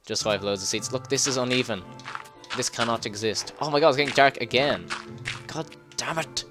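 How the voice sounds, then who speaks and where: A man giving casual gameplay commentary, excitable, swearing and laughing as he plays. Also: mid-range voice, over music. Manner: excitable, swears and laughs, quick yelps when startled. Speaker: let's play gamer.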